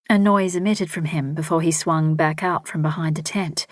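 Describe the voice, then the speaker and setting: A woman narrating a historical story in a steady, measured reading. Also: sits low, no echo, studio quality. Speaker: audiobook narrator. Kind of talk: scripted narration.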